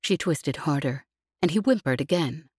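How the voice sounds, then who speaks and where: Low-voiced woman audiobook narrator. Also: expressive, normal speed, darkish tone, slightly rough, no echo, studio quality. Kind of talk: scripted narration.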